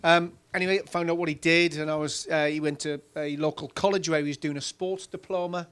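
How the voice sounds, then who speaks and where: A middle-aged man with a Geordie accent from Newcastle, telling chatty, animated anecdotes on a conference stage, full of fillers. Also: fairly high pitch, brisk, smooth. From Newcastle, England. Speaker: keynote speaker.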